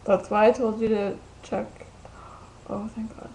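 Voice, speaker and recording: A woman's voice: medium pitch, flat delivery, measured pace, gravelly, warm tone, a little hiss or hum, poor audio. A young woman telling a story in a casual vlog, ranting and chatty, full of "like" and "um". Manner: chatty, ranting, many likes and ums.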